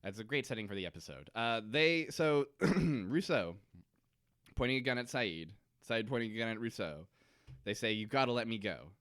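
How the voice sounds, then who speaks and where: Smooth-voiced man recapping casually. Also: medium pitch, animated, a bit bright, dry recording, studio quality. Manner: retells scenes, acting out characters' lines in quick voices. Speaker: podcast co-host.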